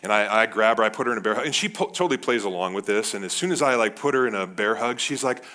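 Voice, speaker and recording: Animated man preaching a sermon. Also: lowish voice, fast. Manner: animated, addresses the crowd as guys. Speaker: pastor.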